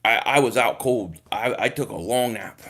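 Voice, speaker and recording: A man hosting a casual sports livestream, talking straight to viewers, animated and swearing freely. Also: medium pitch, normal speed. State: groggy from a nap. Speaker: livestream host reading chat.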